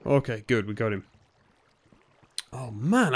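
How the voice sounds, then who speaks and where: A young man giving nervous, excitable commentary on a game he is playing, often bursting into shouts. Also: medium pitch, a little slow, pauses often, soft background music. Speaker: gaming YouTuber. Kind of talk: Let's Play commentary.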